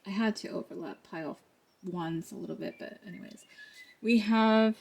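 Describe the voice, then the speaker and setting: A woman with a voice of middling pitch reads tarot cards for her viewers. She talks in a chatty, loose way and laughs often. Now and then she acts out the other person's inner thoughts. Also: moderate pace, vocal fry, a little mellow, slightly rough. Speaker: tarot card reader. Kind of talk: casual tarot reading to camera.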